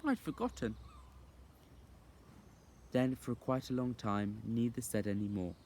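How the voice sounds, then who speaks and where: A man reading a children's novel aloud as an expressive storyteller. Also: on the low side, normal speed, a little hiss or hum. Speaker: reader.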